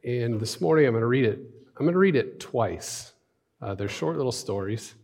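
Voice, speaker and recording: A man's voice: mid-range voice, normal speed, vocal fry. Casual, chatty male pastor. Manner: relaxed, conversational, with many fillers and restarts. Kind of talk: informal sermon with scripture reading. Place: church sanctuary.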